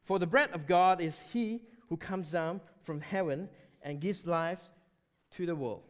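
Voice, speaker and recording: A man preaching a sermon, emphatic and animated, often dropping suddenly to a quiet voice. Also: high voice, unhurried.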